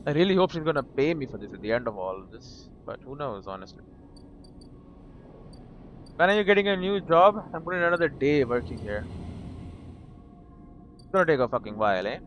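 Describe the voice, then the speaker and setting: A man's voice: mid-range voice, sing-song, a little fast, long pauses, highs cut off, slight background noise. A man casually commentating as he plays a video game, muttering to himself and swearing now and then. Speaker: game streamer. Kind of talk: let's play commentary.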